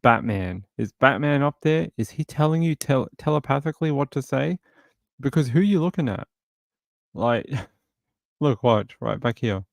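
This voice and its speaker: A man's voice: mid-range voice, expressive, gravelly, no echo. Sarcastic man mocking a clip, dry mic. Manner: mocking, sarcastic, rapid rhetorical questions. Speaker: true crime streamer. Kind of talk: live commentary on a news clip.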